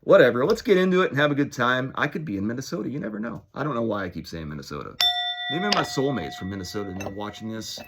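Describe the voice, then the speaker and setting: A man's voice: medium pitch, big pitch swings, quick pace, gravelly, a bit bright. A man in his forties talking in a rambling, self-deprecating, upbeat casual monologue for his vlog. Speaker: vlogger.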